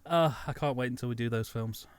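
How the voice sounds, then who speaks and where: A man's voice: medium pitch, fairly quick, clear, resonant tone. A man co-hosting a casual film commentary, laughing often and talking with animation. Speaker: commentary co-host.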